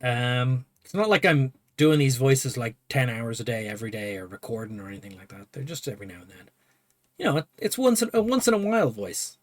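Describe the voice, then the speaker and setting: A man's voice: mid-range voice, lively intonation, a little fast, dry recording. A man playing through a game with a friend, chatting casually and joking at his own expense about doing the voices. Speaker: game player voicing characters. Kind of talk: casual let's-play chat.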